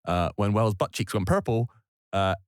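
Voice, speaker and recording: A man's voice: fairly low pitch, lively intonation, moderate pace, clean tone, dry recording, clean studio sound. A man co-hosting a podcast, chatting casually and laughing easily as he wraps up the episode. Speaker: podcast co-host. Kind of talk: casual podcast outro chat.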